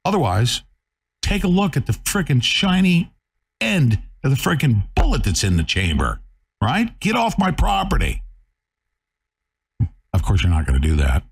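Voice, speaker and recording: A man hosting a talk show, ranting in a fiery, combative way, swinging between loud outbursts and muttering. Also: medium pitch, huge pitch swings, moderate pace, husky. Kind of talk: bombastic talk radio rant.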